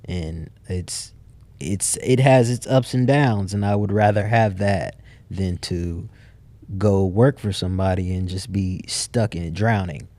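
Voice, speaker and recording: Speaking low and a little slowly, with a warm tone and no room sound, an entrepreneur guesting on a podcast recounts his story casually. He performs his own quotes and those of others as he goes.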